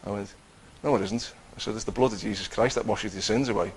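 A man's voice: lowish voice, fast talker, a little hiss or hum, rough recording. A man telling a personal faith testimony in a conversational way, acting out what he and others said. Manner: conversational, acts out his own quotes, many restarts.

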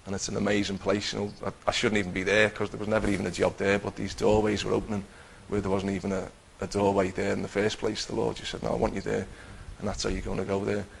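A middle-aged man telling his personal Christian testimony in an earnest, halting way, with many restarts. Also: on the low side, flat delivery, creaky, a little hiss or hum, poor audio. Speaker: Christian teacher giving testimony.

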